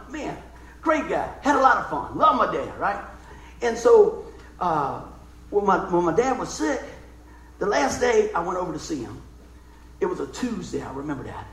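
A middle-aged man preaching a sermon, telling a personal story in a folksy, emotional way with casual asides. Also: high voice. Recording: echoey room.

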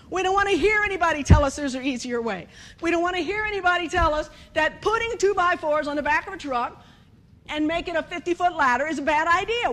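A woman giving a humorous sermon, animated and storytelling, acting out bits of dialogue and laughing often. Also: very high voice. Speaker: speaker at a church service.

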